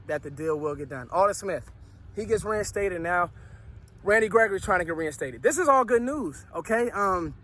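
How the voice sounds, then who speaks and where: A man talking casually about football on his vlog, out of breath and sweaty after a workout, animated and full of slangy restarts. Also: on the high side, a little hiss or hum. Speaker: sports vlogger.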